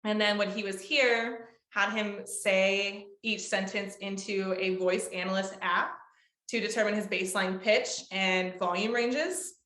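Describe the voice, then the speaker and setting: A woman's voice: mid-range voice, fairly even intonation, unhurried, a bit bright. Young woman music therapist talking a group through exercises, lots of ums, hums bits of melody, echoey room. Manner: explanatory, with many ums and sung demonstrations. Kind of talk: presentation to a support group.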